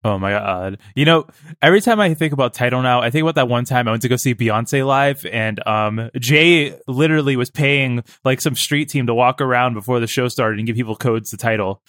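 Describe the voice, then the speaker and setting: A man co-hosts a casual tech podcast in a playful, jokey way, riffing freely between points. His voice sits at an ordinary pitch and is recorded dry and close. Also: fairly quick, a bit bright, no room sound. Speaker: podcast co-host.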